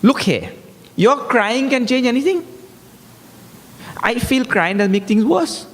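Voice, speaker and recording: A man giving a humorous, animated scripture discourse as a spiritual teacher, breaking into chanted verses. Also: very high-pitched, slow. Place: large hall. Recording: echoey hall.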